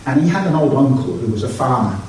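A man's voice: medium pitch, animated, fast, a little mellow, slight background noise. A man preaching a sermon, earnest and building to urgent exhortation. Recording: echoey hall, mic far off.

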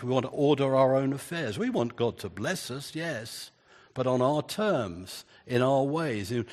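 Husky male preacher in a reverberant church. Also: medium pitch, a little mellow. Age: older. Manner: earnest, builds emphasis with repeated phrases. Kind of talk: sermon.

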